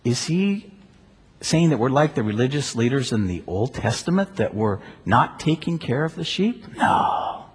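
A man preaching a sermon, with a husky, slightly breathy voice. He leans on rhetorical questions and swings from loud emphasis to quiet stretches. His voice rings out with a long reverb in a church sanctuary. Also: medium pitch, very animated, unhurried. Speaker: pastor.

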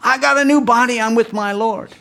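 A man's voice: extremely high pitch, a little fast, creaky, pushed and bright, voice pushed up, full character voice. A man doing a feisty eighty-year-old mother. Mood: fiercely rejoicing. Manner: insistent, jabbing. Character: feisty old woman in her eighties, scolding.

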